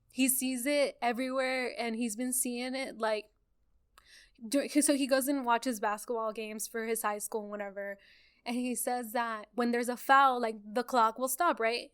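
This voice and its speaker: A woman co-hosting a casual podcast tells an animated story, laughing often and acting out quotes. Her voice is smooth and fairly high in pitch.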